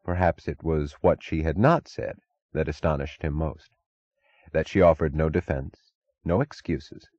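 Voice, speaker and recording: A man narrating an audiobook in a measured, even reading. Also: rumbling low, no room sound, dull audio. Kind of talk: scripted narration.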